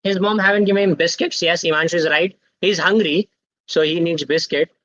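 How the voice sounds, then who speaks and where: A young man, a guest speaker at a student tech workshop, teaches a live online session, quizzing the chat and tagging his sentences with "okay?" to check in. His voice is a little high, fairly bright, and fairly even, his pace a bit quick. The audio has no echo but sounds dull.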